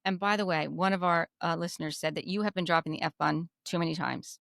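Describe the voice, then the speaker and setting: A woman's voice: fairly low pitch, fairly quick, vocal fry, fairly bright tone, no room sound. A talkative woman with a New Jersey accent recaps a reality show in loose, opinionated chat. She circles back over her own words as she works out a point. The recording is close and dry, with no room sound. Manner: chatty, repeats herself, opinionated. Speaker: podcast co-host.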